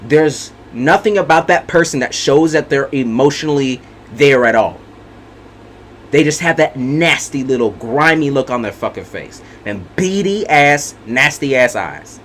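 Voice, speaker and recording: A tarot reader delivers a casual reading as a monologue, bluntly and profanely, repeating his points to hammer them home. His voice sits at medium pitch and normal speed, with a little hiss or hum on the recording.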